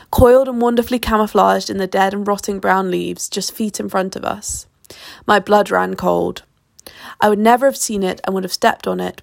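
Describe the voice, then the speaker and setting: A woman telling a personal travel adventure in a measured, vivid way. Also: medium pitch, gravelly, no room sound. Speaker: storyteller. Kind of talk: narrating a personal travel story.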